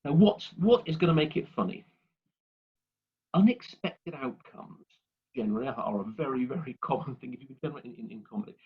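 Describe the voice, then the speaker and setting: A man's voice: mid-range voice, expressive, fairly quick, slightly rough, highs cut off. A man presenting a speaking workshop over a video call, rambling with many fillers and restarts as he shares anecdotes. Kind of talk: instructional talk with anecdotes.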